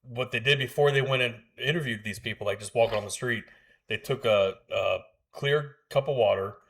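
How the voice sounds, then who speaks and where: A man's voice: mid-range voice, brisk, a little hiss or hum. A man co-hosting a podcast, telling stories in a casual chat and laughing often. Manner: animated storyteller, laughs a lot. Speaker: podcast co-host.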